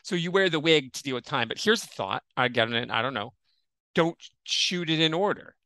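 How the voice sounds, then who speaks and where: Bright-voiced man, animated chat. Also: fairly high pitch, moderate pace, no echo. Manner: animated, jokey, acts out quotes. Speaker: podcast guest. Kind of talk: casual film discussion chat.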